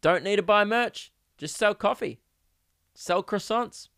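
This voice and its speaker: A young Australian man hosting a podcast, ranting comically and exasperatedly, jumping into sudden high-pitched outbursts. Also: a little slow, vocal fry, fairly bright tone, smooth, dry recording, clean studio sound. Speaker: podcast host. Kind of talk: comedic rant.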